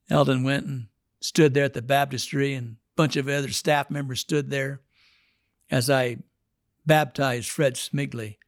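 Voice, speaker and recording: A man's voice: mid-range voice, steady tone, slow, long pauses, no room sound, clean studio sound. A man, a pastor, telling a story in a sermon and acting out the people in it.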